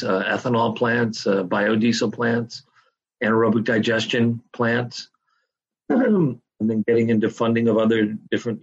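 A man's voice: lowish voice, gravelly, slightly rough, dull audio. A middle-aged man, a podcast guest, telling his story in a candid, casual way and swearing freely.

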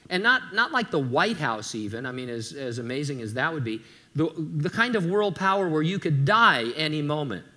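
A man's voice: mid-range voice, fairly bright tone. A man preaching a sermon as pastor, conversational, with joking asides, sometimes stumbling and repeating words.

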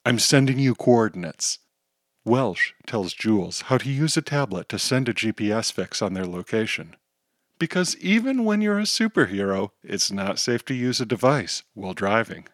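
A man giving scripted audio drama narration in a brisk, plain manner. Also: fairly low pitch, lively intonation, a bit bright, no room sound, clean studio sound.

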